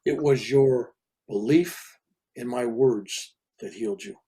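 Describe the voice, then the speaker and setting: An older man voicing a calm, matter-of-fact male guru who speaks in plain, certain statements. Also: mid-range voice, takes it slowly, husky.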